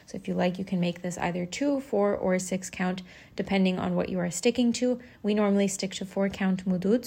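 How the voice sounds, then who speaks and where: A woman's voice: mid-range voice, vocal fry, darkish tone, husky. A woman teaching Quranic recitation rules step by step, patiently explaining and modeling each sound. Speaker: tajweed teacher.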